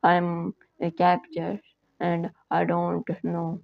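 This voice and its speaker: A woman's voice: on the low side, completely flat delivery, very slow, creaky, exaggerated voice. A woman voicing a frantic freedom-hungry witch. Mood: anxious pleading. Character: desperate female witch craving freedom. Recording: muffled noisy recording.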